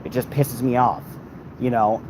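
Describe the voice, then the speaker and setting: A man's voice: medium pitch, steady tone, normal speed, poor audio. A man livestreaming from his phone while walking outdoors on a city street, talking casually to his chat, swearing and getting worked up. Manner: frustrated, swearing, heated then reading chat. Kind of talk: casual live stream chat. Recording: phone mic with loud street traffic. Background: street and traffic noise.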